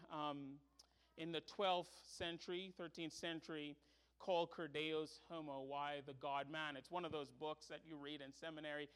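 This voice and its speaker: A man preaches from the pulpit in a fairly high voice. He moves from quiet explanation to fervent, pleading emphasis, the classic earnest sermon style. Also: clean tone. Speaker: pastor.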